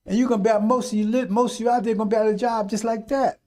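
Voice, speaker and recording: Fiery, preachy man with high, dark voice. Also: steady tone, racing. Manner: fiery, preachy, swears, mimics voices in asides. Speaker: radio talk host. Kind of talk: rambling radio monologue.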